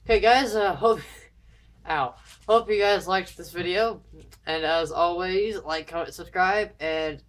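At home, a vlogger works through viewer dares while chatting to camera, wandering off topic and counting down nervously before each attempt. The voice is mid-range and a bit bright, and the delivery is unhurried.

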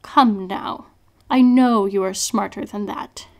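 A woman voicing a cold, menacing male interrogator who taunts in a calm, almost sing-song way. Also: a little high, unhurried, close to an everyday voice.

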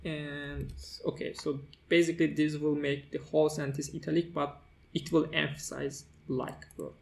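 A man with a somewhat high, gravelly voice walks through a coding tutorial step by step. He talks as he types, pausing on fillers and correcting himself. Keyboard clicks sit behind his voice. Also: level tone. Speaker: tutorial host. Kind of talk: screen-recorded coding tutorial.

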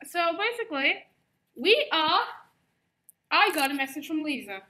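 A young woman playing an excitable female musketeer in an improvised online game role-play, shrieking one moment and whispering the next. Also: high voice, unhurried, full character voice. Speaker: player voicing a musketeer in an online animal game.

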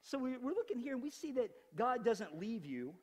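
A pastor in his forties preaching an animated, conversational sermon with touches of humor. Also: very high voice, normal speed, long reverb tail. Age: 40s. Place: church sanctuary.

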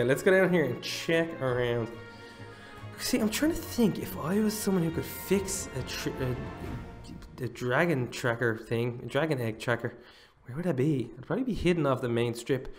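Excitable man with a bouncy, lively voice. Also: mid-range voice. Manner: excitable, talks to viewers, jumps between hush and loud exclamations. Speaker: gaming channel host. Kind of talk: role-play game commentary.

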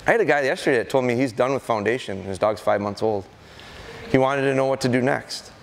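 A man's voice: mid-range voice, fast, gravelly, a little hiss or hum. Man, middle-aged, dog trainer, live seminar, anecdotal storyteller, echoing event hall. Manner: anecdotal, acts out dogs and owners. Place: event hall at a deer festival. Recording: long reverb of a large hall.

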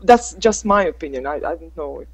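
A woman's voice: sits low, lively intonation, slightly rough. Croatian-accented woman, hesitant speaker. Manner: hesitant, many pauses and restarts, laughs softly. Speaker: English teacher, participant. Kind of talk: casual video-call discussion.

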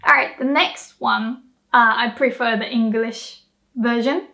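Slow-talking Japanese woman teaching. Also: fairly high pitch, gravelly, bright, forceful tone. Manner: playful, laughs often, acts out animal sounds. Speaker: language teacher. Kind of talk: casual language lesson.

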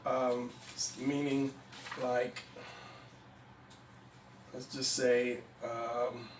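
A man giving a relaxed drawing tutorial, thinking aloud as he sketches and often pausing with fillers. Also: mid-range voice. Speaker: drawing instructor. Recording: echoey room, mic at a distance, faint background noise.

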